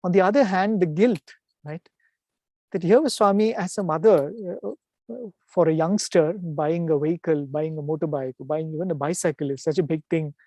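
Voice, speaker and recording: A man giving a guest talk, telling devotional stories in an animated way and often checking in with the audience with "right?". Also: on the high side, normal speed, no echo. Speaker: guest speaker.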